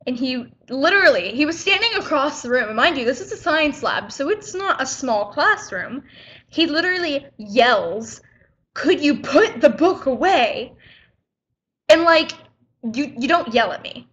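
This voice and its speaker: Teen girl, bright and a bit high, indignant chatty storyteller, muffled webcam sound. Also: very animated, normal speed. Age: teens. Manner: indignant, chatty retelling with quoted back-and-forth. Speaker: high school student vlogger. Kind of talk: casual vlog storytelling.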